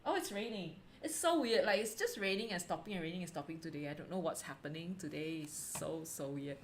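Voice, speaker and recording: A woman's voice: low voice, a little fast, a little hiss or hum. A woman hosting an art livestream in casual, chatty talk, giggling often and filling her speech with "like" and "um". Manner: chatty and giggly, full of fillers.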